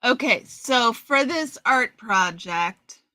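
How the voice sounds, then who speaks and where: A woman's voice: a little high, lively intonation, pushed and bright, no echo. A middle-aged woman hosting a live stream, chatting casually and rambling as she answers viewers. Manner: chatty, slow, rambling with restarts.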